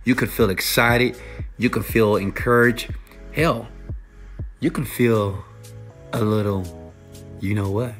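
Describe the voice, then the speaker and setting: Pushy, hype-driven man pitching to viewers. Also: slow, pauses often, a bit bright, faint music behind. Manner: pushy and emphatic, keeps checking in with "okay?" and "right?"; repetitive, punchy hype phrasing. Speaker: online money-making presenter. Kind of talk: energetic sales-pitch monologue to viewers.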